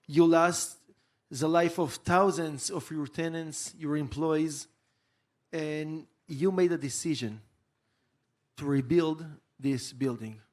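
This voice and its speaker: A man moderating a conference interview, setting up his question in an earnest, deliberate way. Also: fairly high pitch.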